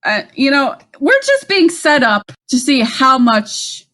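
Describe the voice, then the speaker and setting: Slow-talking laughing woman podcaster. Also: high-pitched, huge pitch swings, fairly bright tone. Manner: laughing, swearing, rambling recap. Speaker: podcast co-host. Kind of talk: casual rewatch chat.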